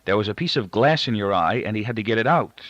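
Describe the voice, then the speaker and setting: A frail, anxious gray-haired father, as a male narrator puts him on, soft and a little husky. He picks his words formally and pauses over them. The take sounds dull and dry. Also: lowish voice, expressive, no echo. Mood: anxious, soothing. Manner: formal, careful phrasing with hesitations.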